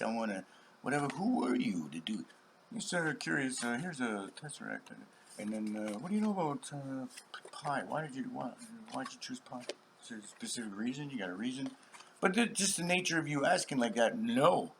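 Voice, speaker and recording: A man talks to his channel in a long, rambling monologue, bursting out loud and then dropping to a whisper. His pitch jumps around a lot, and faint background noise sits under the voice. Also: expressive, brisk, vocal fry. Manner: rambling, swings between loud outbursts and whispers, acts out voices. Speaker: channel host.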